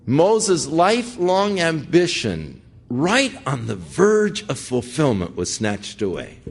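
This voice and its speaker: Older pastor teaching with lively pitch. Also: male voice, slow, gravelly, breathy edge. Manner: earnest, conversational, asks the listeners direct questions. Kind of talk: expository Bible teaching.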